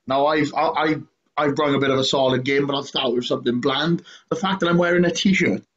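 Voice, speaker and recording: A man's voice: medium pitch, fairly even intonation, fairly quick, a bit bright. Joking man, slightly dull audio. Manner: joking, laughs often, stumbles over words. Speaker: co-host. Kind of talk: casual podcast banter.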